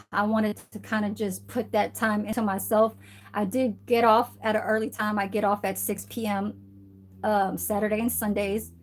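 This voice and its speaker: A woman's voice: a little high, a bit bright. A woman vlogging in casual chat, rambling, swearing freely and tagging her sentences with "okay?", filmed on a phone at home. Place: at home, indoors. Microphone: phone camera.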